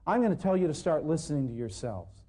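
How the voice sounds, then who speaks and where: High-pitched, emphatic seminar man. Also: fast talker. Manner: animated, joking, acts out dialogues with patients; emphatic, repeats points for effect. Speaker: natural healing lecturer. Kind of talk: live seminar talk to an audience.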